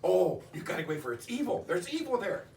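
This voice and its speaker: A woman's voice: on the low side, very animated, racing, gravelly, a little mellow, roomy sound, distant mic, pitched above the performer's own voice. Man voicing a panicked older aunt, shrieking warnings, faint background hiss. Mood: panicked screaming. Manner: screaming in panic.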